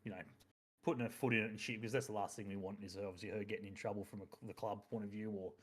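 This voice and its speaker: A man's voice: fairly low pitch, steady tone, very fast. A man hosting a podcast in casual, rambling chat, swearing freely and using many fillers. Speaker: podcast host.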